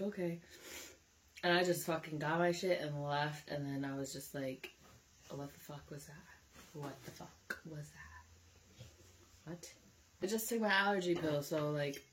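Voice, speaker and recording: A young woman with a slightly low voice tells a story in a loose, casual way. She is frank and chatty, and she swears often. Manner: candid and chatty, swears freely. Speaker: vlogger.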